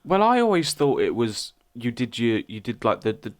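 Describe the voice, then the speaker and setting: A young man, co-hosting a casual podcast chat in a relaxed, rambling way with many restarts. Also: medium pitch, normal speed. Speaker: podcast co-host.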